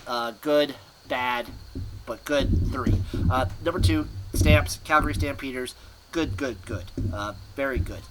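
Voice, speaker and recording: A man of ordinary pitch hosts a sports podcast in broken, fragmentary bursts. He mocks himself as he rambles along. A clear steady noise runs under his voice. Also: a little slow. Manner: scattered, fragmented, self-mocking. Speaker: podcast host.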